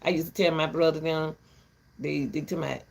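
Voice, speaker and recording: A woman's voice: sits low, steady tone, normal speed, gravelly, darkish tone, husky. An older woman ranting casually to her viewers from her back porch, blunt and rambling, breaking into laughter often. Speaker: vlogger.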